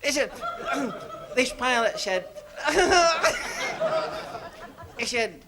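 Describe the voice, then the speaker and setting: A man doing stand-up, telling jokes slowly and giggling at his own lines. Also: very high voice, wildly swooping pitch. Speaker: stand-up comedian. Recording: hissy old TV audio with audience laughter.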